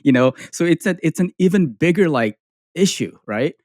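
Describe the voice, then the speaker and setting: A man's voice: fairly high pitch, lively intonation, moderate pace, darkish tone, no echo, clean studio sound. A man hosting a podcast, asking questions and chatting in a loose, casual way. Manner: chatty, loose, many fillers. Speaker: podcast host. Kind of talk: casual interview chat.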